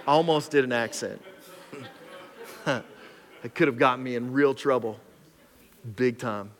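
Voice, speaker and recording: A man preaching a sermon as pastor, animated, building to near shouts on key points. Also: medium pitch, moderate pace, big-room sound.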